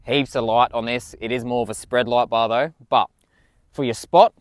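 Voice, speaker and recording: A man's voice: medium pitch, fairly even intonation, normal speed, no echo. Blokey man, dry close sound. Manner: swears casually, blokey and enthusiastic. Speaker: vlogger. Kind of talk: casual vehicle walkaround.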